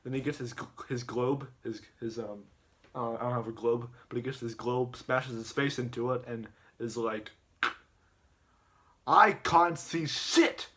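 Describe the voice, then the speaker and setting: A man's voice: medium pitch, fairly even intonation, moderate pace. A man casually retelling a comedy video, rambling and stumbling over his words. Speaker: YouTuber.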